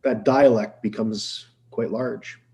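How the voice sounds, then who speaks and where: A man's voice: medium pitch, steady tone, takes it slowly, a little mellow. A Canadian man hosting a casual chat, curious and full of questions. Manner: curious, asks lots of questions. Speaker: channel host.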